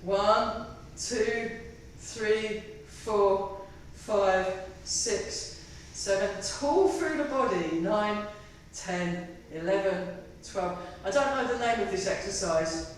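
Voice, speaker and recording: Here a tai chi instructor speaks slowly in a mid-range voice, barely pausing as she counts reps and giggles through chatty jokes at her own expense. The room echoes, she is well off the mic, and there's a little background noise.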